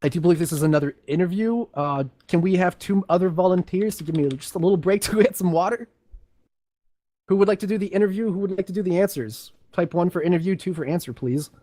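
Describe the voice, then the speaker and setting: A man casually hosts a lore reading over voice chat, calling for volunteers in a relaxed way. His voice is fairly high and sounds dry and close. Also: quick pace, no echo. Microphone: voice chat headset.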